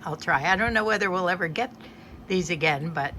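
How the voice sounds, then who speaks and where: A woman's voice: fairly low pitch, a little fast, sharp tone, a little hiss or hum. A woman in her eighties, chatty and homey, talking through a cooking demonstration in her home kitchen. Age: 80s. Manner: chatty, homey, talks through each step. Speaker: home cook vlogger.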